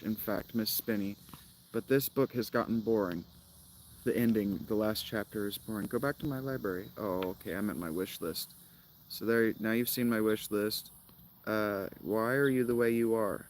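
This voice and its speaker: Male streamer, lower voice, loose rambling commentary with sarcastic jokes. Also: normal speed, slight background noise. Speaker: gaming streamer. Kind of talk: casual gameplay commentary.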